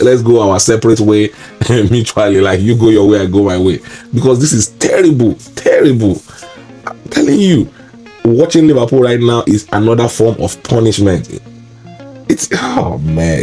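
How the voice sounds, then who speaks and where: A man's voice: lowish voice, dark tone. A man hosting a solo football preview, ranting in an exasperated, repetitive way. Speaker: football pundit and show host. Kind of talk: solo match preview commentary.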